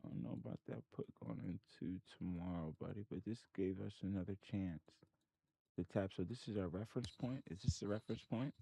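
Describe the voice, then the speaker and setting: A man's voice: sits low, a little fast, gravelly, warm tone, slightly rough, dry recording. A man hosting a trading channel, thinking aloud over his charts and muttering in frustration at his computer. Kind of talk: casual screen-share commentary.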